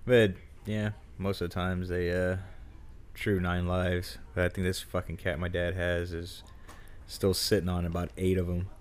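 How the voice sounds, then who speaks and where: A man's voice: low-pitched, flat delivery, a little slow. A man co-hosting a podcast in casual chat, joking crudely and swearing often. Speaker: podcast co-host.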